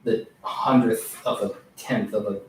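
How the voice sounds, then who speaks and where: A man's voice: on the low side, steady tone, moderate pace, a little mellow. A man co-hosting a casual talk show, chatting loosely with lots of "like" and "you know". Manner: loose, filler-heavy speech with many "like" and "you know". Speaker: podcast co-host. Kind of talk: casual chat. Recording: echoey room, far from mic, faint noise.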